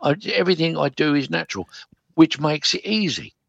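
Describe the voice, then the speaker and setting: A gravelly, husky older man spins chatty showbiz anecdotes, slipping into the voices of the people he quotes. His voice sits a little high, and the recording is dry and dull. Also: lively intonation, a little fast, a bit bright, dry recording. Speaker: guest actor. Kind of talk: casual anecdotal chat.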